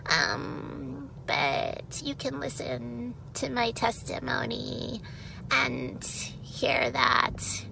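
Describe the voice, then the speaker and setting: A voiceover actress doing a mocking impression of a grown woman, with a babyish voice full of vocal fry. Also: a little high, big pitch swings, extremely slow, crowd noise, heavily acted, poor audio.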